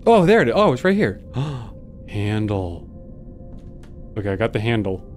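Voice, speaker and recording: A man playing a horror video game and commenting as he goes, yelping and laughing at the scares and muttering quietly in between. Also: big pitch swings, a little slow. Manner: jumpy, yelps and laughs at scares, then mutters low. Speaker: gaming video host. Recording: faint game music behind.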